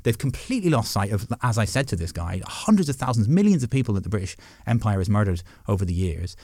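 A man's voice: lowish voice, big pitch swings, a little mellow, dry recording, clean studio sound. A man with a Northern Irish accent, a barrister and guest, telling stories in a passionate, argumentative, casual podcast conversation. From Northern Ireland. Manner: fast, passionate, argumentative storytelling.

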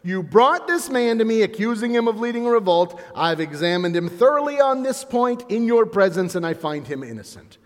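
A man's voice: high-pitched, lively intonation, moderate pace, hardly any pauses, long reverb tail, voice pushed up. A man voicing a stern, weary Roman governor who declares his verdict in a raised, pleading way. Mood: insistent.

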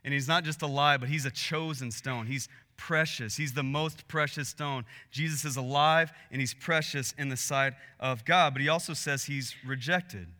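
A man's voice: medium pitch, steady tone, normal speed, hardly any pauses, pushed and bright, long reverb tail. A man preaching a sermon as pastor, telling a story in an earnest way that builds in intensity.

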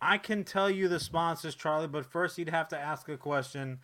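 A man co-hosting a podcast, chatting in a laid-back way and hyping up sponsor reads loudly. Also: on the high side, fairly even intonation, moderate pace. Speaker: podcast co-host. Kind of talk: casual chat and sponsor reads.

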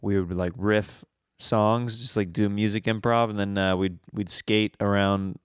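Laid-back low-voiced male podcast host. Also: steady tone, unhurried, clear, resonant tone, no echo, studio quality. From Kansas. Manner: rambling, laughs often, many fillers. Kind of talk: casual podcast chat.

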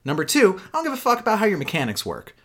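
A man's voice: sits high, huge pitch swings, racing. A man co-hosting a gaming podcast in casual chat, profane, rambling and joking. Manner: profane, rambling, jokey, lots of laughs. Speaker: podcast co-host.

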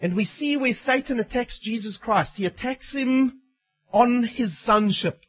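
A man's voice: very high voice, unhurried, husky, muffled recording. A man preaching a sermon in an emphatic way, acting out the quoted lines.

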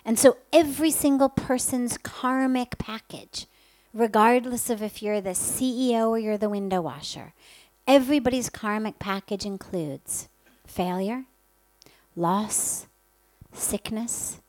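A woman's voice: on the high side, unhurried, dry recording, poor audio. A woman spiritual teacher giving an earnest talk, telling stories and stacking up lists. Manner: earnest, gentle storytelling with many lists.

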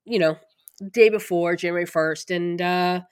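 A woman's voice: on the low side, steady tone, unhurried, clear, resonant tone, no echo, studio quality. A middle-aged woman co-hosting a podcast, talking casually with many restarts and laughing through hard moments. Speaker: podcast co-host. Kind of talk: casual conversation.

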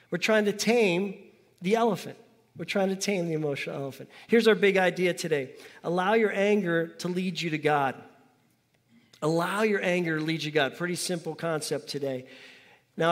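A man preaching a conversational sermon in a church, asking the congregation to repeat words after him. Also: high voice. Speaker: pastor. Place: church sanctuary. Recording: long hall reverb.

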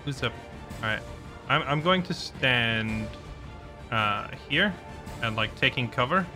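A man playing a tabletop game, excitable and quick to laugh. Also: medium pitch, music in the background. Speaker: player. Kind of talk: casual tabletop play.

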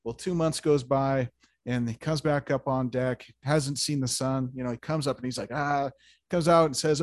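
A man hosting an interview, telling an animated story with stammers and restarts. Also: mid-range voice, normal speed, no room sound, clean studio sound. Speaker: podcast host. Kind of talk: casual interview chat.

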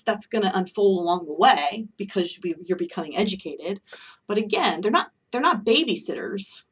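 A woman's voice: mid-range voice, fairly bright tone, husky, distant mic, lo-fi sound. A woman delivering an impassioned solo monologue, emphatic and ranting, often checking in with "okay?".

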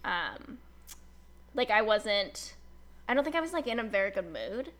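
A woman's voice: medium pitch, measured pace. Chatty young woman telling a story. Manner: chatty, fillers like "like", animated retelling with quoted voices. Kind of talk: casual storytelling chat.

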